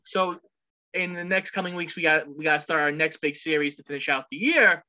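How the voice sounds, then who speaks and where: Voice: mid-range voice, pushed and bright. Chatty podcast co-host. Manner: quick, chatty, quotes movie lines. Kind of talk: casual chat. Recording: dull lo-fi sound.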